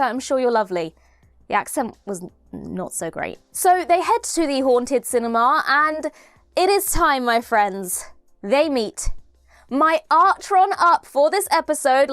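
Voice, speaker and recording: A woman with a slightly high voice and no echo reviews a TV episode aloud. She's enthusiastic and chatty, frequently correcting herself and restarting her phrases.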